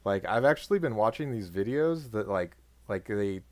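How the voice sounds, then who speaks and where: A man's voice: lowish voice, lively intonation, normal speed, a little mellow. A man chatting casually, rambling and heavy on fillers as he explains something he saw. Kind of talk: casual chat.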